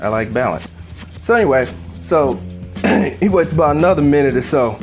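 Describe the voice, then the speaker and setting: Profane laid-back man cooking, lively pitch. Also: normal speed, music in the background. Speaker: cooking show host. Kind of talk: casual cooking demo with joke telling. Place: home kitchen at the stove.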